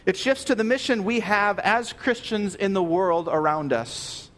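A pastor preaching a sermon, earnest and emphatic, repeating key phrases and dropping soft at the ends of phrases. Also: male voice, sits high, unhurried.

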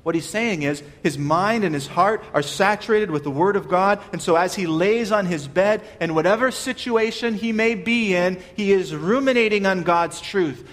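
High-voiced man preaching in a reverberant hall. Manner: earnest, questioning, with stammered restarts. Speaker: pastor. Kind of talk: sermon.

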